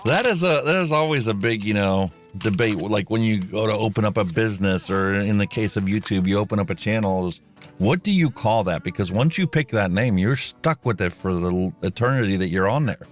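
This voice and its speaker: Relaxed man explaining a mixing recipe. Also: on the low side, a little fast, faint music behind. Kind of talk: casual live stream chat.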